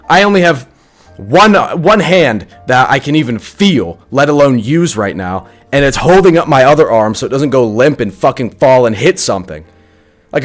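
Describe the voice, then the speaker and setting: A young man recounting a personal story to the camera in loose, everyday speech. He swears freely and peppers every sentence with likes. His voice sits at an ordinary pitch, with faint music under it. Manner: casual, profane, full of likes. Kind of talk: storytime vlog.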